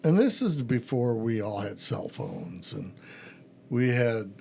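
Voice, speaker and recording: A man's voice: fairly low pitch, very animated, takes it slowly, gravelly, warm tone, slight background noise. A middle-aged man, a pastor hosting a podcast, telling a story in a casual chat and acting out the phone calls in it.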